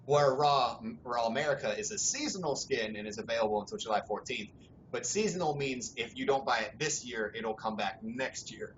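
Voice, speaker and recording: A young man hosting a casual gaming podcast, rambling in a relaxed way, swearing freely and laughing often. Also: mid-range voice, normal speed. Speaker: podcast host. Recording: dull lo-fi sound, faint background noise.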